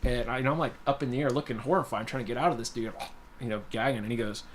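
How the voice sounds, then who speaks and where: A man tells a personal story on a casual stream at a quick clip. He rambles, leans on "you know" and "like", and speaks bluntly. His mid-range voice sits over a faint background hiss. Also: medium pitch, fairly even intonation. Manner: blunt, plainspoken. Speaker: guitar livestream host.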